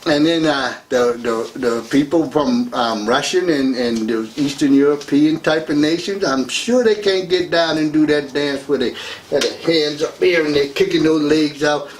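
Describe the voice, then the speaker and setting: A man's voice: a little high, normal speed, a little hiss or hum. A man hosting a talk radio show, rambling through a casual monologue and laughing between remarks. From United States. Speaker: radio host.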